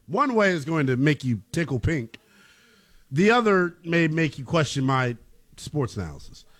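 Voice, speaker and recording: A man's voice: high-pitched, fairly bright tone. A man co-hosting a sports talk show, arguing his takes in a slangy, emphatic way. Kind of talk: casual sports debate.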